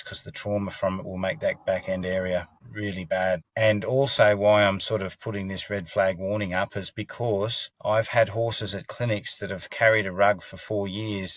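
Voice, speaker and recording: A man's voice: fairly low pitch, no echo. A middle-aged man explaining horse training, earnest and emphatic, often restarting words and checking in with "okay?". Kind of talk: spoken training advice.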